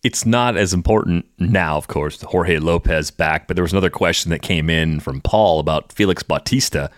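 A man hosting a casual baseball podcast, relaxed and conversational, bringing up listener questions. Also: deep voice, normal speed, no echo, studio quality. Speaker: podcast host.

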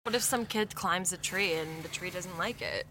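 Bright-voiced woman at a game table. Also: lowish voice, normal speed, a little hiss or hum. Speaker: tabletop player. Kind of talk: casual tabletop role-play chat.

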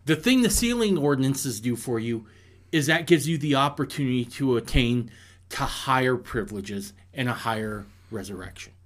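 A man's voice: mid-range voice, animated, moderate pace. A man in a casual podcast conversation, agreeing along and chiming in with his own points. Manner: agreeable, chiming in with short replies.

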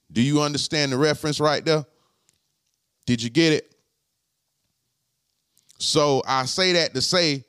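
Guy hosting a podcast talking to chat, slangy, lots of cussing, kinda high voice, dry close mic. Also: clear, resonant tone, dry recording. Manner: talks straight to chat, slangy and profane, repeats points slowly. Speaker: podcast host. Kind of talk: casual live-stream chat.

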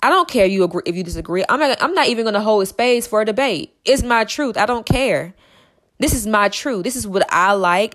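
A young woman hosting a podcast, talking fast and emphatically in a monologue, repeating herself and stumbling over words. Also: mid-range voice. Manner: emphatic and repetitive, fast with stutters. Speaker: podcast host.

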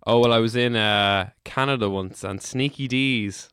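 A man's voice: medium pitch, normal speed, fairly bright tone, clear, resonant tone, no room sound, clean studio sound. A man with a Dublin Irish accent, co-hosting a podcast in casual, rambling, jokey banter. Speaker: podcast co-host. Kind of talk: casual chat.

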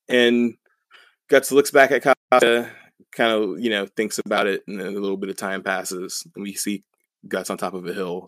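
Rambling young man with a low voice. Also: a bit bright, no room sound. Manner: rambling, filler-heavy, chuckling. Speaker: podcast co-host. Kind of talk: casual story recap.

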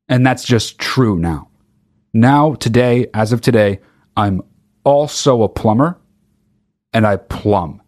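A man's voice: medium pitch, a little slow, darkish tone. A man hosting a podcast, ranting in a profane, sarcastic, rambling comedic way. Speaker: podcast host. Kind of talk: comedic rant.

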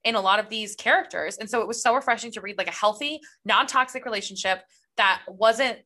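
A woman's voice: medium pitch, brisk, bright, forceful tone. A young woman co-hosting a book podcast, chatting casually and gushing enthusiastically with lots of "like". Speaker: podcast co-host. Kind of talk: casual chat.

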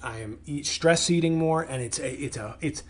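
A man who hosts a comedy podcast, ranting angrily and profanely, stumbling over his words as his voice swings from loud outbursts to low mutters. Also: normal speed. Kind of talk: solo podcast rant.

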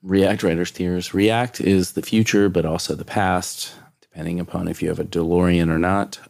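Man, very low voice, casual podcast co-host who jokes a lot. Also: fairly even intonation, normal speed, vocal fry, a little mellow, no echo, studio quality. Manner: joking, chatty. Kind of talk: casual whiskey-tasting chat.

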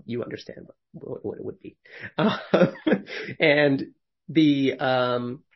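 Speaking slowly in a mid-range voice on lo-fi sound, a podcast host in his thirties tells stories in a casual, conversational way. He rambles, uses many fillers, and laughs a lot.

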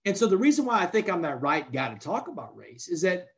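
A man's voice: high voice, sing-song, quick pace. A man in his forties, a podcast guest telling personal stories in an emphatic, conversational way, often saying "man". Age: 40s. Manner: emphatic, peppers speech with "man". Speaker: podcast guest, motivational speaker. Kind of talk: casual conversational storytelling.

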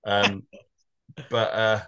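A forty-something man co-hosts a casual football podcast. His voice is bright and forward. He tells loose, rambling stories and laughs easily. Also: lowish voice, little pitch movement, very slow, smooth, dull audio. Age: 40s. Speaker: co-host.

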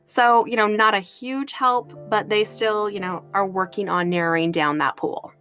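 A woman's voice: medium pitch, steady tone, normal speed, a bit bright, soft background music. A woman from Utah co-hosting a true crime podcast, talking in a conversational, agreeable way. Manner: conversational, agreeable, lots of mm-hmms. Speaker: podcast co-host.

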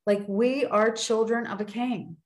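In an echoey room, a woman guest with a higher, darkish voice recounts personal experiences unhurriedly and with fairly even intonation. The casual conversation carries a faith-tinged flavor, and she earnestly acts out the people she quotes.

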